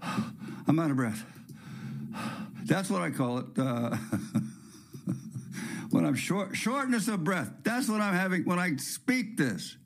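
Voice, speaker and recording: Fervent high-voiced male preacher. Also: big pitch swings, slow pace, pauses often. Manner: fervent and emphatic, with repeated phrases and joking asides. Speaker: podcast host and preacher. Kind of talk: impassioned sermon-style monologue.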